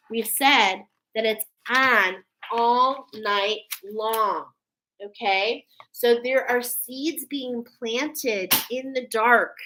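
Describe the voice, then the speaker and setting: A woman's voice: mid-range voice, pushed and bright, slight background noise, low-quality recording. A woman giving a spiritual oracle card reading to her viewers, earnest and soothing, often checking in with "okay?".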